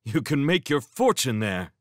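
Man voicing a young merchant in chains, storybook, urgent, brisk orders, lively pitch, dry close sound. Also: dry recording. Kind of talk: storybook character voice.

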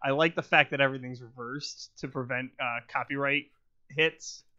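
A man's voice: mid-range voice, steady tone, normal speed, bright, forceful tone, no room sound. A man co-hosting a podcast, making dry, wry remarks in casual chat. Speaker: podcast co-host. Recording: dry, slightly muffled mic.

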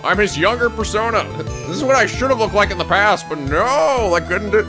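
A man doing loud, excitable gaming commentary, screaming, swearing and laughing at the game. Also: sits high, fairly quick. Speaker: let's play commentator. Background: game music.

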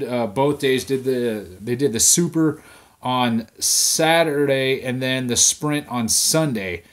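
A young man venting on camera at home, swearing constantly as he rants about his week. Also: medium pitch. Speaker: vlog host. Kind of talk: profane ranting monologue.

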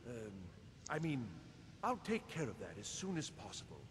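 A man's voice: mid-range voice, wildly swooping pitch, moderate pace, big-room sound, a little hiss or hum. A man voicing a nervous, fussy male scholar-mage in a video game, hesitant and apologetic.

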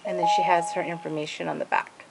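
A woman's voice: sits low, flat delivery, fast, vocal fry, very noisy. Gushing woman showing off craft pages. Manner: gushing, many fillers and "and then". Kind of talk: casual show-and-tell.

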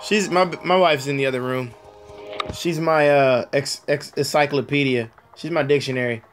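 A man in his thirties with a hoarse voice, chatting casually and laughing at himself while commenting on a mobile game at home. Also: medium pitch, normal speed, soft background music.

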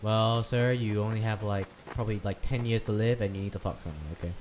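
A man's voice: on the low side, fairly even intonation, quick pace, slight background noise. A man hosting a gaming channel, giving crude, joking commentary over gameplay with plenty of swearing. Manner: joking, swearing, bursts into shouts and laughs.

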